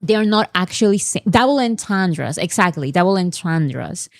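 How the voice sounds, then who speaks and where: A woman's voice: fairly low pitch, animated, normal speed, vocal fry, no room sound, studio quality. A woman hosting a casual commentary, translating fan clips in a chatty way with fillers and restarts. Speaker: host.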